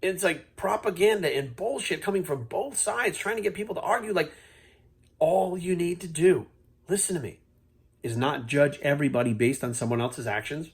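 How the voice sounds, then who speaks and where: A man in a fired-up, unscripted rant to camera, blunt and swearing freely. His voice sits a little high for a man and has a husky, grainy edge. He talks in a steady stream and keeps coming back to the same point. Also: moderate pace. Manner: heated, profane, blunt. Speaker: fitness coach vlogging.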